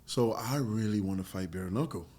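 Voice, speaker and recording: A man in his forties, a former fighter, spinning stories in loose conversation. His speech is blunt and peppered with profanity, and it turns animated as the tales build. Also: on the low side, moderate pace. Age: 40s. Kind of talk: casual storytelling chat.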